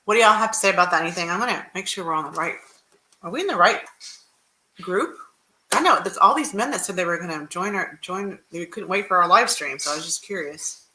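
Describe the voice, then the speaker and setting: A woman's voice: fairly low pitch, fairly quick, sharp tone, echoey room, a little hiss or hum, low-quality recording. A woman dating coach telling a story on a livestream, chatty and rambling with many restarts.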